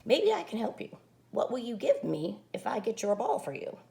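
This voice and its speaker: A woman's voice: a little high, huge pitch swings, normal speed, creaky, dark tone, full character voice. A woman voicing an ugly little male frog who bargains and pleads, read aloud from a storybook. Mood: questioning.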